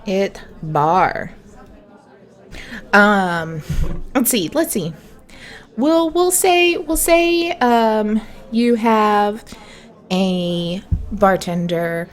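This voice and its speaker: A woman's voice: mid-range voice, expressive, drawn-out words. A woman narrating a tabletop game as game master, playful and laughing as she corrects herself.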